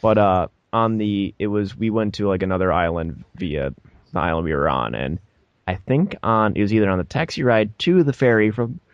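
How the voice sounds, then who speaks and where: A young podcast co-host tells a story casually and with animation, laughing as he acts out the voices of the people in it. He speaks at a normal speed in a smooth, lowish voice, and the lo-fi recording has no echo.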